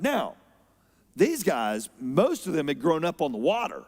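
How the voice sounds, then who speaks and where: A man preaching a sermon as pastor, expressive, moving between loud emphasis and quiet, unhurried stretches. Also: sits high. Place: church auditorium. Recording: long hall reverb.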